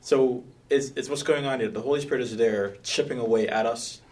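A man's voice: mid-range voice, a little fast, a little mellow. A man in a Bible class, putting a hesitant, searching question to the teacher. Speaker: class participant. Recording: distant mic in a room.

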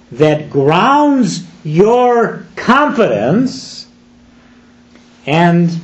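A man preaching an expository sermon, deliberate and emphatic, slowing down on key phrases. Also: on the high side, dull audio.

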